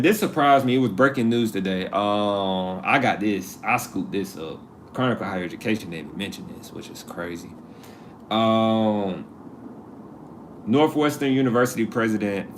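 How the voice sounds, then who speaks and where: A bit of hiss or hum sits under this fairly low male voice as he hosts a relaxed live stream. He jokes with viewers, talks directly to chat, and laughs at himself.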